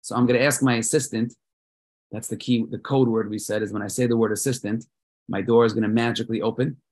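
Guy telling kids a story, big loud-soft swings, mid pitch. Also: steady tone, fast. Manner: dramatic, shifting loud and soft. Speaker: host leading children in prayer. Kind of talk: storytelling to children.

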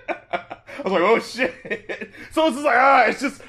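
A man hosting a casual review chat, excitable and laughing often. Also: extremely high pitch, takes it slowly. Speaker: podcast host.

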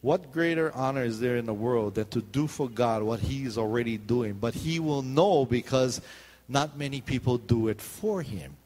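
Joking pastor with a lilt. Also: male voice, mid-range voice, lively intonation, normal speed, a little mellow, in a large hall. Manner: joking, calls out for "amen" responses. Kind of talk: sermon.

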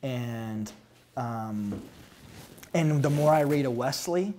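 Brief: man in his thirties, pastor being interviewed, candid and lively, voices other people in his stories, mid-range pitch. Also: slow pace, a little hiss or hum. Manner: animated storytelling, acts out dialogue.

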